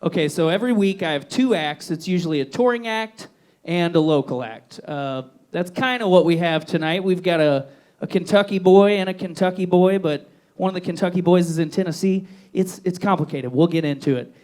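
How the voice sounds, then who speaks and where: Profane, high-voiced male show host. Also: fairly quick, a little mellow. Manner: profane, self-deprecating, loose. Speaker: host of a live variety show. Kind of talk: stand-up style hosting banter. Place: bar stage before a live audience.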